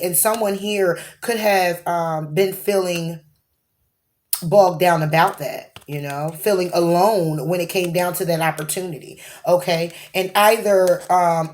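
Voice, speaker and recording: Tarot reader, woman, lowish voice, loose rambling delivery that keeps rephrasing and checking in. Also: darkish tone. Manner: keeps checking in with a questioning "okay?"; rambling, rephrases as she goes. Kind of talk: tarot reading to camera.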